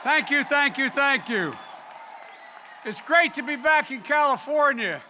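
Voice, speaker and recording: A man's voice: very high-pitched, expressive, measured pace, background noise. An older man giving a folksy convention speech, often raising his voice over an audience. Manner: loud, folksy, raises voice over applause. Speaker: political speaker. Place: large convention hall.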